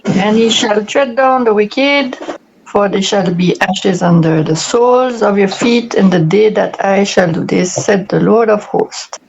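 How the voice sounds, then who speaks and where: A woman reads scripture aloud for a study group and guides the discussion, slow and measured. Her voice has a gravelly texture. The recording is dull and lo-fi. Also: medium pitch, a little mellow, slight background noise.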